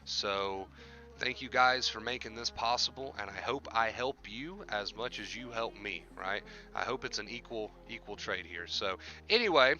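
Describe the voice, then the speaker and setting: A man's voice: fairly low pitch, normal speed, sharp tone, highs cut off, soft background music. A man hosting a live stream, talking casually and earnestly to his viewers while grieving, often repeating himself for emphasis. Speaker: YouTube live-streamer hosting a mental-health Q&A.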